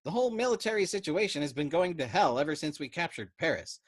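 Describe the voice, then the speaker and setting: A man's voice: on the high side, sing-song, fast, pitched above the performer's own voice. A man voicing a whiny, self-pitying army doctor who wails mournfully. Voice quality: wailing, mournful.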